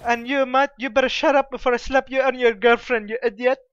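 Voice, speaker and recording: A man's voice: very high-pitched, fairly even intonation, a little fast, fairly bright tone, no room sound. A man talking in broken English during casual game voice chat, tacking a stock phrase onto his sentences and trading playful insults. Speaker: gamer in voice chat. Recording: slightly dull voice-chat audio with faint noise.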